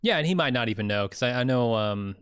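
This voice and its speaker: Relaxed American man explaining on a podcast. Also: mid-range voice, fast talker, smooth, no room sound, clean studio sound. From United States. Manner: relaxed, explains ideas in a thoughtful way. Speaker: podcast co-host. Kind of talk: casual podcast chat.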